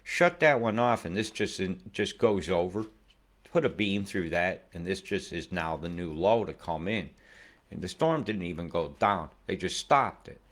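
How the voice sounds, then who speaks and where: A man's voice: deep voice, expressive, normal speed. A man giving casual weather commentary over satellite images, rambling, profane and conspiratorial.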